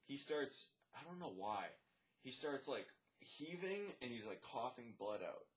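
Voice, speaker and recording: A man who works as a lifeguard and swim instructor, telling a story in casual chat, animated, swearing, and acting out the dialogue. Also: medium pitch, unhurried. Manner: animated, swears, many fillers; acts out dialogue, drops to a whisper.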